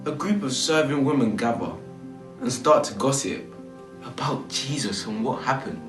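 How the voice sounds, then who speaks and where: An actor playing Peter, a frightened, remorseful disciple, in a slow and emotional stage monologue. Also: male voice, mid-range voice, lively intonation, far from the mic, close to an everyday voice. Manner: slow, emotional, cries out in denials. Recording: echoey room with faint music.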